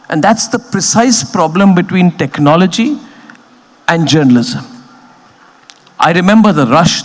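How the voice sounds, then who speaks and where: A man with an Indian English accent delivers a keynote speech with fervour, leaning hard on key words. His voice sits somewhat high. The sound carries the long, lingering reverb of a large hall. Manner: emphatic, impassioned, punchy stressed phrases. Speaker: keynote speaker, news editor.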